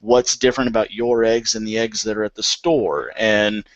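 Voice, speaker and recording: A man's voice: on the low side, fairly even intonation, moderate pace, no room sound, low-quality recording. A man hosting a casual panel chat, talking in a folksy, conversational way with lots of restarts. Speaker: homesteading panel host.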